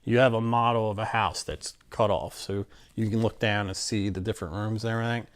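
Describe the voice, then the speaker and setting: Lowish-voiced man telling a story. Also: brisk. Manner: animated, acts out quoted voices, many fillers and restarts. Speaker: interviewee telling his story. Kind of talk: casual personal storytelling.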